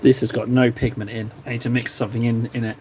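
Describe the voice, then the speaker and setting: A man's voice: medium pitch, flat delivery, fast talker, a little mellow, slight background noise. A man hosting a live stream, chatting casually and self-deprecatingly while he paints miniatures, often drifting off topic. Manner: rambling, self-deprecating, easily sidetracked. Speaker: livestream host painting miniatures.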